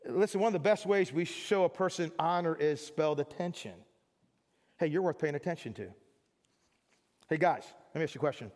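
A man's voice: high-pitched, in a large hall. A man preaching a sermon as pastor, talking conversationally and acting out little everyday scenes for his congregation.

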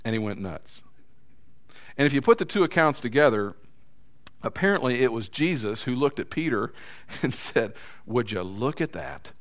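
A man's voice: medium pitch, lively intonation, moderate pace, long pauses. A man preaching a conversational sermon, acting out characters' thoughts and speaking directly to the congregation.

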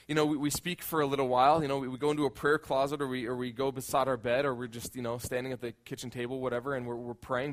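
A male pastor preaching a conversational sermon, often repeating words as he builds a point. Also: medium pitch.

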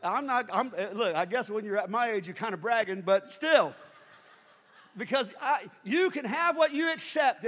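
A man in his sixties, a pastor preaching a sermon that swells into fervent shouting. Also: extremely high pitch. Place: church sanctuary. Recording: reverberant church hall with music.

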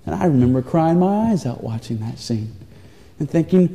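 A man preaching a sermon, telling a story with earnest, pleading warmth. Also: on the high side, lively intonation, moderate pace, gravelly. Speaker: pastor. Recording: long reverb of a large hall.

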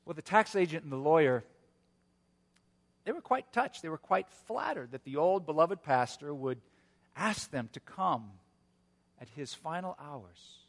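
A man's voice: a little high, lively intonation, unhurried, long pauses. Preaching man in a reverberant church. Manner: earnest storytelling, gentle humor. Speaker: pastor. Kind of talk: sermon.

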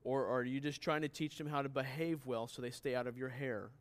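A man's voice: medium pitch, steady tone, brisk. A man preaching a sermon as pastor, emphatic and putting questions straight to his listeners.

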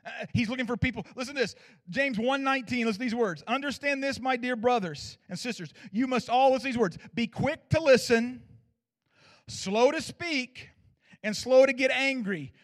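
A man preaching a sermon as pastor, swinging from loud declarations to hushed asides and checking in with his listeners. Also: very high voice, normal speed. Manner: asks the audience for agreement.

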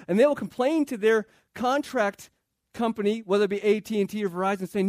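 Casting note: male pastor, high voice, dry close sound, casual sermon delivery in a church. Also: expressive, a little fast, a little mellow, dry recording. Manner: conversational, acts out quoted voices.

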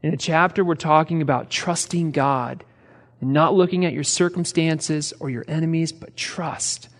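A man preaching in a conversational way, leaning on rhetorical questions and light humor. His voice sits a little high for a man. The sound carries a long reverb, as in a church sanctuary. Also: fairly even intonation, moderate pace. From American Midwest. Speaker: pastor. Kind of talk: sermon. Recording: reverberant hall.

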